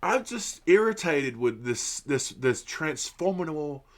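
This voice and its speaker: A man's voice: on the high side, sing-song, slow pace. A man ranting about sports in an irritated, profane way, stumbling over and repeating his words. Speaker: sports commentary vlogger. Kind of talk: ranting opinion monologue.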